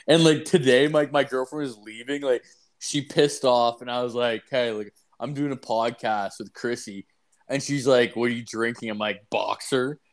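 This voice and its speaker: A man's voice: mid-range voice, fairly even intonation, normal speed. A young man, co-hosting a podcast and telling a rambling, profane story full of "like". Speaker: podcast co-host. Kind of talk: casual podcast chat.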